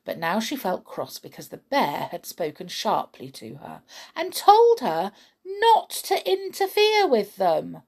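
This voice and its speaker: A woman reading a children's story aloud in an expressive way, with chatty asides to her young listeners. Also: mid-range voice, slow pace.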